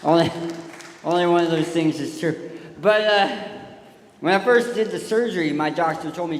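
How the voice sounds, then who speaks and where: Speaking at normal speed in a slightly high voice, a man with a lisp caused by tongue surgery tells stories and jokes from a church stage, often addressing the kids. He tours as a speaker and singer, and the recording has hall echo and live music.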